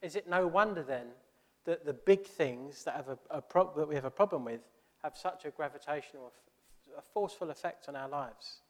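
A man's voice: fairly high pitch, brisk, long reverb tail. A male pastor preaching a sermon in a church, earnest and conversational, with many rhetorical questions.

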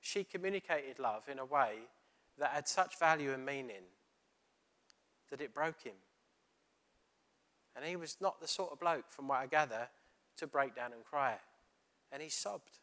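A middle-aged male preacher with a mid-range voice gives a sermon, telling a story and acting out the dialogue. He's animated as he retells the lines, speaking unhurriedly with long pauses.

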